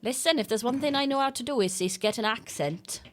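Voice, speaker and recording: Chatty woman with a lively voice. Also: on the high side, brisk, background noise. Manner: chatty, rambling, laughing asides. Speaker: player. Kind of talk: casual chat.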